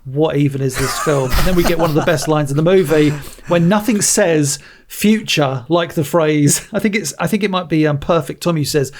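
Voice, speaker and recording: A man hosting a podcast, chatting casually about a movie with animated storytelling and frequent restarts. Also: fairly high pitch, moderate pace. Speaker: podcast host. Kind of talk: casual movie review chat.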